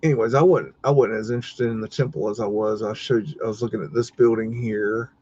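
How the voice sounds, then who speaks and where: A male livestream host with a fairly low, steady, mellow voice that's slightly rough talks fast while looking at buildings. He rambles, mutters, and swears mildly now and then, and the recording is muffled.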